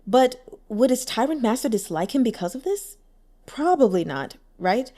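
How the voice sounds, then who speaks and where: Female narrator for audiobook fiction; higher register, lively and expressive delivery. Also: moderate pace. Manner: expressive storytelling with lively pitch. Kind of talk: scripted narration.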